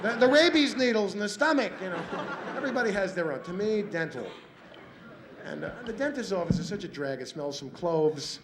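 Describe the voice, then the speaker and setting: A man's voice: sits high, lively intonation, fairly quick. A man in his thirties doing an observational stand-up routine, wry, building bits out of mimicked sounds and voices. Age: 30s. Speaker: stand-up comedian. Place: comedy stage before a live audience. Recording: roomy hall with loud crowd and noise.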